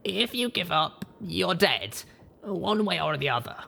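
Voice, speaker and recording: Man voicing a gruff, worn-out pony mare. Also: high voice, sing-song, measured pace, bright, forceful tone, pitched above the performer's own voice, full character voice. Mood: wry comfort. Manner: blunt, profane, wry. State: exhausted and breathless. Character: tough battered young female pony mare. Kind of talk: audiobook reading.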